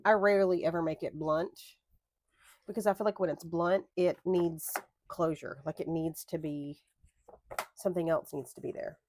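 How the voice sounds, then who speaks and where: A woman's voice: on the low side, steady tone, moderate pace, background noise. A young adult woman chatting casually at a home craft desk, rambling into tangents and correcting herself as she goes. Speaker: planner vlogger. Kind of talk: casual chat while crafting.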